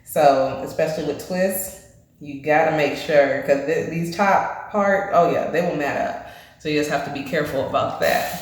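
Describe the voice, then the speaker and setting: A woman with a deep voice vlogs about her hair at a moderate pace, chatty, conversational, and full of fillers, sounding a little out of breath. The casual chat is recorded in a very echoey room with faint music.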